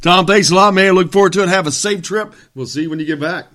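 Upbeat sports radio host, fairly high voice. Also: male voice, quick pace, bright, forceful tone. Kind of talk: casual talk and scripted sign-off.

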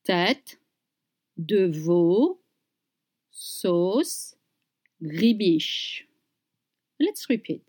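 A woman teaching pronunciation, saying each word slowly and clearly and repeating it for learners. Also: fairly low pitch, sing-song, a little mellow. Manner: slow, deliberate, repeats words for learners. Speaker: French teacher. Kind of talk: slow pronunciation lesson.

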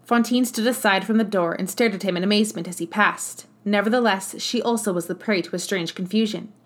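A woman narrating a classic novel as an audiobook, reading in a measured, expressive way. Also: medium pitch.

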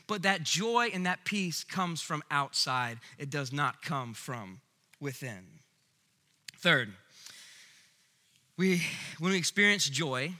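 A man preaching a sermon in a bright, sharp, high voice. He swings from loud, emphatic bursts to hushed, quiet lines. The sound rings with the long reverb of a large hall. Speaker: pastor.

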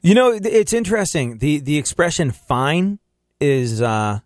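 A man's voice: fairly high pitch, lively intonation, a little slow, no room sound, studio quality. A man hosting a podcast, chatting casually, rambling and laughing often. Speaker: podcast host. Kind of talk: casual chat.

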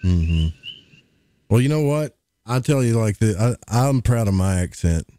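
A man's voice: fairly low pitch, expressive, measured pace, warm tone, no echo, studio quality. A man, co-hosting a podcast in casual, rambling chat with jokes. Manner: folksy, rambling, jokey. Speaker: podcast co-host.

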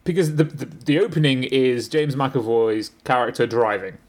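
A man's voice: medium pitch, moderate pace. A man in casual film chat, animatedly retelling his reactions and laughing often. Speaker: film podcast co-host.

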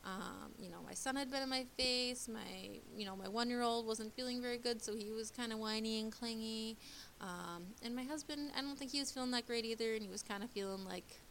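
A woman in her thirties, a mother, telling a personal story in a candid, halting way with many pauses and restarts. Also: on the high side, fairly bright tone, slight background noise. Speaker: mother sharing her day.

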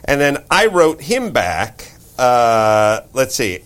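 A man's voice: medium pitch, takes it slowly, hardly any pauses. A middle-aged man hosting a podcast, chatting casually and joking with mocking asides. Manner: animated, jokey, mocking asides. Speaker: podcast host. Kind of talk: casual comedic chat.

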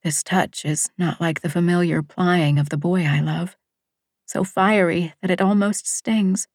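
A woman narrating a novel in the first person, measured and lyrical, dropping at times into a hush. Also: fairly low pitch, steady tone, dry recording, studio quality. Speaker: audiobook narrator.

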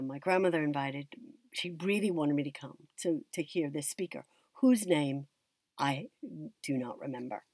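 Woman from the States, low husky voice, reflective storyteller in a dry, close recording. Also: darkish tone, no room sound. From United States. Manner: reflective, unhurried, trails off and restarts. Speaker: actress and drama teacher being interviewed. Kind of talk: personal storytelling in an interview.

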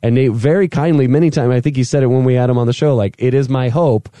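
A man's voice: medium pitch, fast talker, no echo. A man, a voice actor, casually telling a behind-the-scenes story and acting out what others said. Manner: animated storyteller, acts out quotes. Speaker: voice actor guest. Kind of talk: casual anecdote chat.

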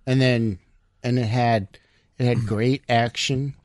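A laid-back man trading views in a casual movie chat, agreeing readily. His voice has an ordinary middle pitch. It is recorded dry and close. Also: fairly even intonation, takes it slowly, a little mellow, dry recording. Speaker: podcast co-host. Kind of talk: casual film review chat.

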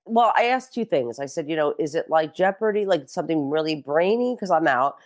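Animated, swearing storytelling woman. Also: sits low, brisk. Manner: animated storyteller who swears and acts out quotes. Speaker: guest. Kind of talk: casual chat.

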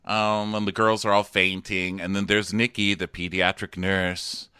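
A man's voice: deep voice, flat delivery, measured pace, bright, forceful tone, clean tone, no room sound, studio quality. A man co-hosting a podcast, chatting sarcastically about a TV show and laughing often. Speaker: podcast co-host. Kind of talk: casual chat recapping a TV show.

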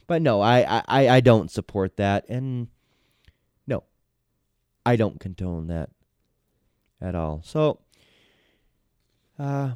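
A man's voice: mid-range voice, a little mellow, clean tone, no room sound, studio quality. A man hosting a casual podcast, reading news stories and commenting on them in a hesitant, rambling way. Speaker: podcast host.

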